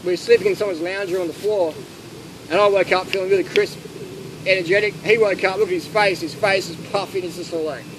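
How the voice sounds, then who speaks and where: A man giving blunt, animated answers and stories to an audience in a casual Q&A at an outdoor gathering. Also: sits high, fast. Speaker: speaker answering audience questions. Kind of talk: casual Q&A talk with anecdotes. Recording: noisy outdoor ambience with traffic.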